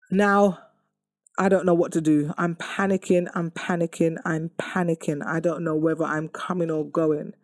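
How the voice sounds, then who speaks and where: A woman's voice: on the low side, fairly even intonation, a little fast, darkish tone, no echo, studio quality. Candid woman telling her story. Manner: conversational, repeats phrases for emphasis, frequent ums. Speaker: speaker sharing a personal testimony.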